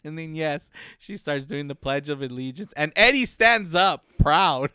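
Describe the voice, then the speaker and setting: A man co-hosting a casual podcast chat, animated and laughing often, swearing freely and acting out movie lines. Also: fairly high pitch, normal speed, clean tone, no echo, clean studio sound. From United States. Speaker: podcast co-host.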